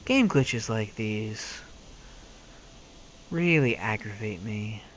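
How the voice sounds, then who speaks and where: A man's voice: lowish voice, animated, drawn-out words, fairly bright tone, slight background noise. A man giving a playful, sarcastic voice-over commentary on a video game. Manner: sarcastic, self-mocking, playful. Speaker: let's-play commentator.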